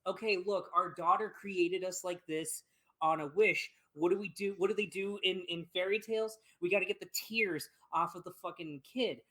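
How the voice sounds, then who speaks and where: A woman's voice: fairly low pitch, fairly even intonation, normal speed, fairly bright tone, voice pushed down. A woman voicing an exasperated parent trapped as a doll, blunt and frantic, swearing.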